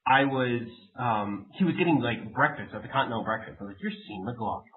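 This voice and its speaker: A man's voice: mid-range voice, fast. A young man co-hosting a casual podcast, telling stories animatedly with frequent laughs and fillers. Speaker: podcast co-host. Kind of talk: casual chat. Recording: tinny phone-like sound.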